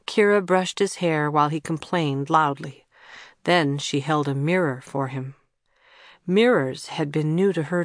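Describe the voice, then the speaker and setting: Woman narrator, low voice, dry close sound, calm storytelling. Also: dry recording. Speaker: audiobook narrator. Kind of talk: scripted narration.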